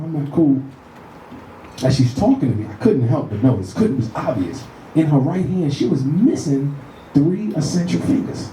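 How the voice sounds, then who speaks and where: A middle-aged man from the Bronx with a New York accent, doing a loud, profane stand-up set with shrill put-on voices. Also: animated, moderate pace, a little hiss or hum. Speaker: stand-up comedian. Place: comedy club stage. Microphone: handheld stage mic. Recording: roomy club sound from a distant mic. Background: audience laughter.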